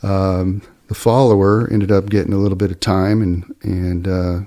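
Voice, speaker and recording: A man's voice: sits low, flat delivery, moderate pace, mellow. A middle-aged man who owns a fly shop, casually telling rambling stories full of fillers and restarts, briefly raising his voice to act out what people said. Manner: rambling, filler-heavy, acts out quoted lines in a raised voice. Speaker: fly shop owner and podcast host. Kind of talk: casual storytelling.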